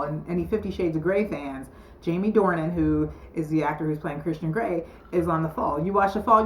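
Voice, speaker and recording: A woman's voice: fairly low pitch, roomy sound, a little hiss or hum, poor audio. A young woman co-hosting a couple's vlog in playful, slangy casual chat, often breaking into giggles. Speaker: vlog co-host.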